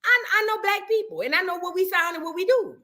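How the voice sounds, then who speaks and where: A woman from New Orleans with a New Orleans accent, hosting a reaction show in animated, chatty and profane talk with her viewers. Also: very high voice, quick pace. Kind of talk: casual reaction chat.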